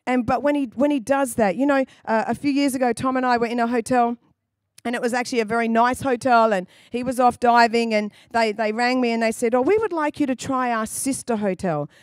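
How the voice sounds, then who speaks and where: A woman's voice: on the high side, flat delivery, fairly quick, no echo. A woman pastor from England preaching a sermon in a conversational, storytelling way, acting out quoted voices. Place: church.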